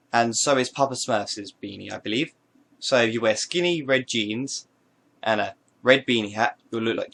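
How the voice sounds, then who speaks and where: A man's voice: medium pitch, a bit bright. A man chatting casually to camera, showing his hats with playful, rambling jokes and asides. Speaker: vlogger. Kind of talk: casual show-and-tell to camera.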